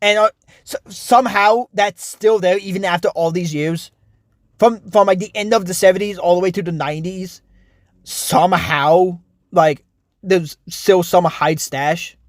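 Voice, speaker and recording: A man's voice: sits high, unhurried, dry recording, studio quality. A young man giving a casual, frustrated, rambling review of a TV show, full of restarts and fillers.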